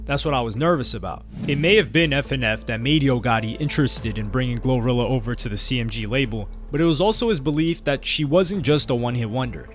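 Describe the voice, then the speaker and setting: Man narrating a music documentary. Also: mid-range voice. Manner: measured, even documentary delivery. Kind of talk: scripted narration. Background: faint music.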